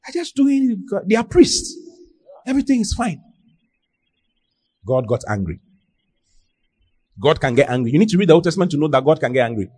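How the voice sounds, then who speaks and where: Guy preaching, high husky voice swinging up and down, keeps repeating himself. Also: very animated, brisk, pauses often, darkish tone. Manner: emphatic, repeats phrases, rhetorical questions to the congregation. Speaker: pastor. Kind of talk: sermon.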